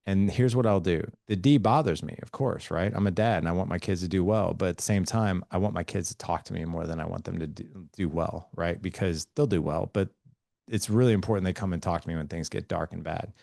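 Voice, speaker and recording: A man's voice: deep voice, brisk, gravelly, mellow, no echo, studio quality. A man in his forties, a podcast guest, telling earnest stories about fatherhood and acting out talks with his kids. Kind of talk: conversational interview.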